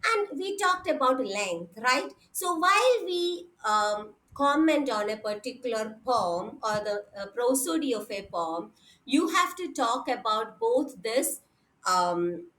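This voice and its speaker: A woman's voice: fairly high pitch, fairly bright tone, low-quality recording. A woman giving an online lecture, explaining step by step, repeating points and checking in with her students.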